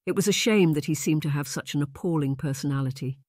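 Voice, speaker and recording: A man reading a historical romance audiobook aloud in a calm, even storytelling manner. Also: a little high, quick pace, no echo, clean studio sound. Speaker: audiobook narrator. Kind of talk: audiobook narration.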